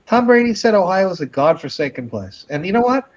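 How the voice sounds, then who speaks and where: A man's voice: high voice, big pitch swings, fairly quick, lo-fi sound. A man hosting a livestream, speaking bluntly and repeating words for emphasis. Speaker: host. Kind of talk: livestream commentary.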